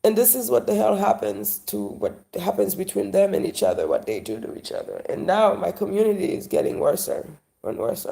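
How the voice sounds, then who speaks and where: A woman with a Haitian accent delivering a rambling, emotional monologue. She sighs often and swings between loud talk and whispers. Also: mid-range voice, very animated, brisk, gravelly. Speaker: vlogger.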